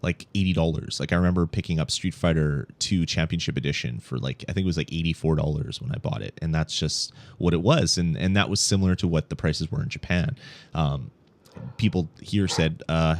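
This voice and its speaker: A young man hosting a casual podcast, talking in a relaxed, rambling way with lots of ums and restarts. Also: rumbling low, a little fast, no echo. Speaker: podcast host.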